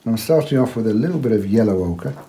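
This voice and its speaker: Soft-spoken man teaching watercolour. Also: fairly low pitch, lively intonation, quick pace. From England. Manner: quiet, chatty, drops to a murmur while working. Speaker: watercolour painting tutor. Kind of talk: relaxed painting demonstration.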